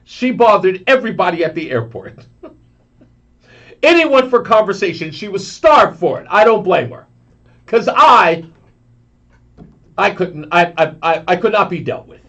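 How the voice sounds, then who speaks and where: Animated high-voiced radio host. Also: male voice, measured pace, pauses often, dull audio. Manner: animated, acts out voices in his story. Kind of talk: storytelling monologue on talk radio.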